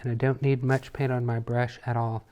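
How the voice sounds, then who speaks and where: A man teaching a painting lesson in a relaxed tutorial, chatty and playful as he talks while he works. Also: medium pitch, normal speed, clear, resonant tone. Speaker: painting instructor.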